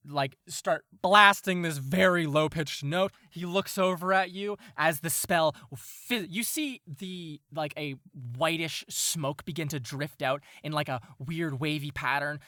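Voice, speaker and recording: Excitable guy running a tabletop game, laughs a lot, bright dry sound. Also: on the high side, a little slow, no echo. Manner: laughs often, excited and loose, swears casually. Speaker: game master.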